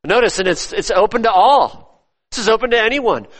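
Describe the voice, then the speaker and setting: Emphatic preacher in an echoing hall. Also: male voice, high voice, animated, a little fast. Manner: emphatic, repeats phrases, swings from loud to hushed. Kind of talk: sermon. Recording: long reverb of a church hall.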